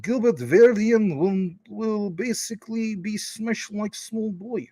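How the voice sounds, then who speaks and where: A man putting on a boastful tough guy with a Russian accent and slow, emphatic, broken English. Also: high voice, mellow, no echo, voice pushed up.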